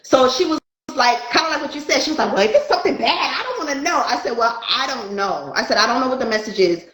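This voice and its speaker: A woman's voice: sits high, fast talker, echoey room, low-quality recording. A woman, a spiritual light worker, telling a story in casual chat and acting out the dialogue. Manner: animated, acts out dialogue in her story.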